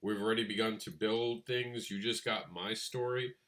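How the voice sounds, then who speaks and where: A man co-hosting a casual chat about comic book crowdfunding, animated and quick to laugh. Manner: animated, laughs, mimics others in a high voice. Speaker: podcast co-host.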